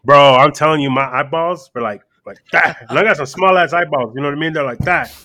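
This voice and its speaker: A man telling stories in loud, animated, swear-heavy casual podcast banter. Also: a little high, fast talker, dry recording. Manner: animated storyteller, swears a lot.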